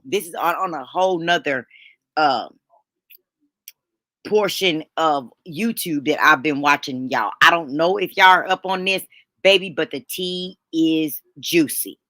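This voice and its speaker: A woman's voice: deep voice, lively intonation, measured pace, bright, forceful tone, no room sound, studio quality. A middle-aged woman hosts a casual live stream, calling viewers honey and baby, with folksy slang and lots of restarts.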